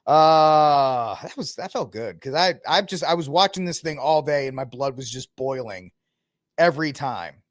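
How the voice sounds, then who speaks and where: A man's voice: on the high side, moderate pace, dry recording, studio quality. A man hosting a podcast, ranting with sarcasm and mocking impressions in a heated political commentary. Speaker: podcast host.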